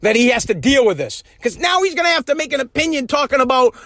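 High-voiced man on a profane rant. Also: lively intonation, brisk, sharp tone, no room sound, clean studio sound. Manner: profane, heated, repetitive. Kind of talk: angry ranting monologue.

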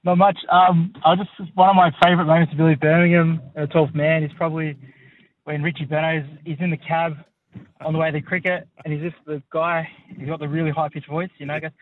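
A man's voice: flat delivery, a little fast. An Australian man calling in to a radio show, chatting casually. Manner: chatty, puts on squeaky impressions. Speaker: caller. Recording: dull phone line with faint noise.

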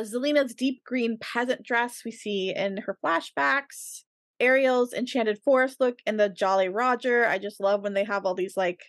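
A woman's voice: fairly high pitch, no room sound. A woman co-hosting a casual podcast, enthusiastically listing her favorite costumes with frequent giggles. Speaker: podcast co-host. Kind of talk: casual chat.

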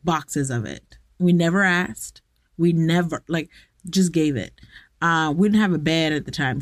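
A woman's voice: deep voice, no room sound, studio quality. A young adult woman hosting a podcast, talking candidly and directly to her listeners in a reflective personal monologue, recorded in a walk-in closet at home. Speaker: podcast host.

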